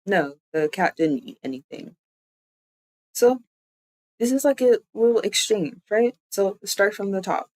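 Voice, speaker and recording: A VTuber streamer giving a live-streamed language lesson, explaining step by step and repeating words slowly. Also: medium pitch, animated, a little mellow, no room sound, poor audio.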